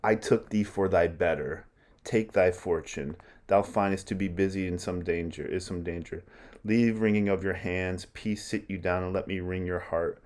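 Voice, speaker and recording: A man's voice: sits low, fairly even intonation, normal speed, a little mellow, lightly acted. A man reading as a young prince scolding his mother. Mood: reproachful. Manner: reads verse aloud, plainly. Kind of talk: verse read aloud in class.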